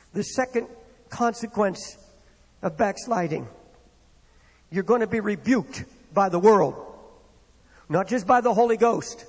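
A man's voice: very high voice, husky, long reverb tail. A man preaching a sermon in an impassioned, dramatic way, acting out the words of the people in his stories. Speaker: pastor.

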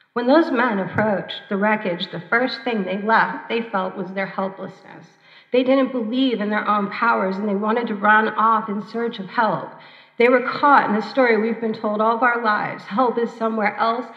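A woman performing a personal story at an open mic, measured and reflective, with dramatic pauses. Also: medium pitch. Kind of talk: spoken-word personal storytelling. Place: church hall. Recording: roomy, dull church hall recording.

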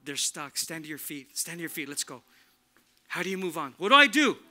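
A male pastor preaching in a church with a high, very bright, sharp voice. He talks casually and emphatically, drops slang and repeats words to press his points. Faint music plays in the background. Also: a little fast. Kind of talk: sermon.

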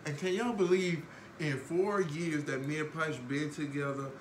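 A man's voice: a little high, fairly even intonation, normal speed, echoey room, a little hiss or hum. A man, co-hosting a couple's cooking show, joking and teasing his partner through a playful cooking demonstration in a home kitchen. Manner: playful, teasing, loud bursts of laughter.

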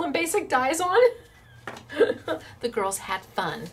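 Hosting a live product demo at a craft shop, a woman chats in a bubbly, gushing way and laughs often while showing products. Her voice is high-pitched and very animated, yet slow, with a breathy edge.

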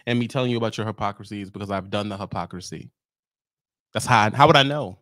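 A man's voice: lowish voice, fast talker, a bit bright, no echo, clean studio sound. A man, ranting on his livestream in a brash, teasing way and breaking into laughs. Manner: brash, teasing, laughs often, apologizes mockingly. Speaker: livestream host. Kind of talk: casual livestream rant.

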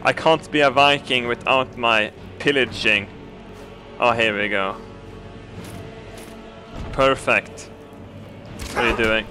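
A man giving crude, comedic game commentary, laughing and breaking into excited outbursts. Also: medium pitch, slow, long pauses, soft background music. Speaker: gaming commentator.

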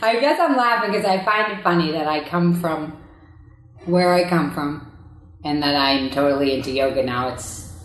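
A woman's voice: deep voice, moderate pace. Boston woman, brash podcast host, casual chat in an echoey room. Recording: roomy echo.

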